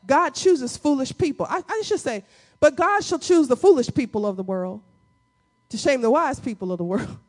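A woman pastor delivers a sermon in a loose, conversational way. She acts out quotes and reactions as she talks, and her voice sits slightly high. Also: expressive, normal speed, a little mellow. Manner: conversational preaching with acted-out quotes.

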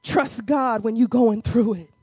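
A woman preaching a sermon, moving from quiet teaching to shouted, crying exhortation and calling out to the congregation casually. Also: on the high side, a little slow, slightly rough, dry recording. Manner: colloquial, addresses congregation as y'all.

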